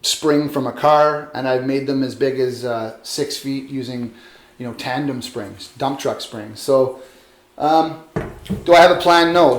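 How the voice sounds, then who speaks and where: A relaxed man of middle pitch talks through his craft in a loose, rambling way, often laughing at himself. His voice bounces around a roomy workshop with clear echo. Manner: relaxed, rambling, self-deprecating. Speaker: metal sculptor. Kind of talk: casual interview. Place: metal workshop.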